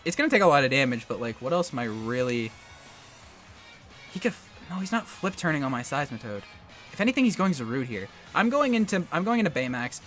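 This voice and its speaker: A man's voice: mid-range voice, very animated, fairly quick, fairly bright tone, faint music behind. A young man giving live commentary on his own competitive game match, trash-talking his opponent between bits of strategy. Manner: musing strategy talk under his breath.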